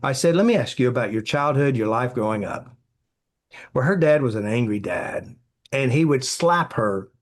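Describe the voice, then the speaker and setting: A man's voice: medium pitch, animated, normal speed. A man, a therapy practitioner, answering interview questions with anecdotes, acting out quoted dialogue and filling with "you know".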